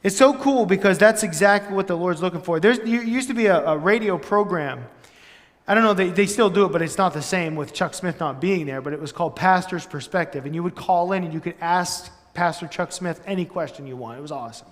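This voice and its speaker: A pastor giving a casual, storytelling sermon in a church, animated and full of "like" and "right?". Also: male voice, high-pitched, a little fast. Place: church hall. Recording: long church-hall reverb.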